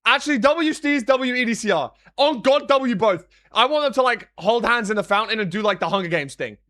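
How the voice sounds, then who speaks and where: A young British man chatting casually on a live stream, joking and sarcastic, with quick swings in energy. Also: extremely high pitch, expressive, pushed and bright, no echo, clean studio sound. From Britain. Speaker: streamer and analyst.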